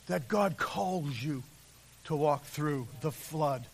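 A man preaching a sermon as pastor, impassioned, swinging from shouts to hushed whispers. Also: a little high, expressive, takes it slowly, husky.

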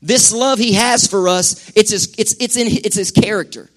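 A middle-aged man preaching a sermon to a church congregation, animated and quick with acted-out asides. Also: high voice. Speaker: pastor. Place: church sanctuary.

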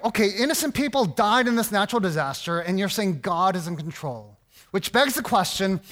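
A man's voice: high voice, fairly bright tone. A man preaching a sermon as a pastor, casual and rambling, with lots of restarts and asides, asking "right?" often.

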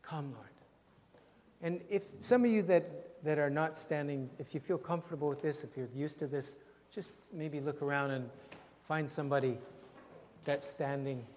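Older male pastor, slightly high voice, gentle and soft-spoken, recorded in a long-reverb hall. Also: slight background noise. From Canada. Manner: gentle, unhurried, repeating phrases, often dropping very soft. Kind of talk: sermon and prayer. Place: church sanctuary.

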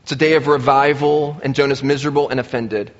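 A man preaching a sermon, lively and expressive, acting out the voices of the people he quotes. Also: mid-range voice, fast talker. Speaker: pastor. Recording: muffled sound with long reverb in a large hall.

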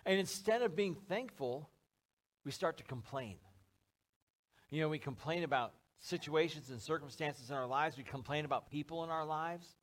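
Joking, conversational pastor with a higher voice. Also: male voice, moderate pace. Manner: conversational, joking, acts out little scenes. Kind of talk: sermon. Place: church service before a live congregation.

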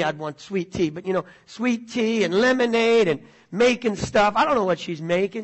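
A middle-aged man, preaching a conversational sermon and asking the congregation questions. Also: sits high. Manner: conversational, repeats words, asks the audience questions. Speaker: pastor.

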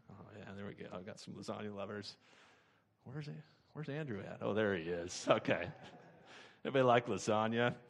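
Animated storytelling male pastor. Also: fairly low pitch. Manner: animated storyteller who acts out characters. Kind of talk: sermon.

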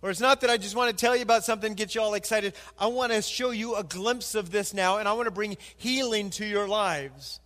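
A man preaching a sermon as pastor, animated and acting out quoted voices. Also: high-pitched, a little fast, hardly any pauses, big-room sound.

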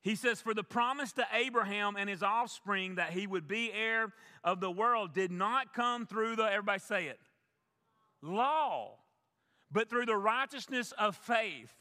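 Emphatic high-voiced preacher in reverb. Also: male voice, moderate pace, pushed and bright. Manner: emphatic preaching with repeated phrases. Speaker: pastor. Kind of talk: sermon. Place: church sanctuary. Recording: long church reverb.

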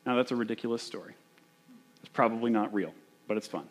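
A man's voice: fairly low pitch, fast talker. A man preaching a sermon as a pastor in a church, telling stories and building to urgent repeated questions.

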